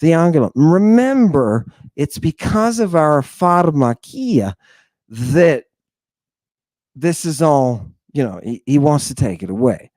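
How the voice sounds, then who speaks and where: A man delivers mocking, theatrical commentary on scripture, working his audience like a revival preacher. His voice sits a little high for a man and moves at an unhurried, drawn-out pace. The recording is dry and close. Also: sing-song, darkish tone, dry recording. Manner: rhetorical questions, drawn-out emphasis. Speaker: podcast host.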